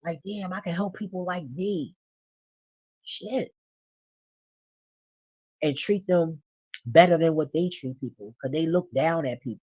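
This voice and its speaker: A woman venting in a casual monologue, blunt and profane, swinging from low mutters to loud rants. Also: a little slow, pauses often, husky, no room sound. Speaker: vlogger. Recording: dull lo-fi dry recording.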